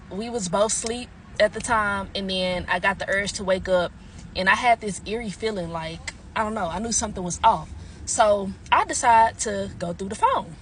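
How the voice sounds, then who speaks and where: A woman's voice: mid-range voice, slight background noise. A woman telling her own story about a relationship in a blunt, heated, profane way. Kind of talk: casual storytime.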